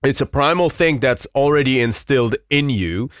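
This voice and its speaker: A man hosting a podcast, asking questions in a relaxed, conversational way. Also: medium pitch, normal speed, no room sound, studio quality. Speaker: podcast host. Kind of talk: casual podcast interview.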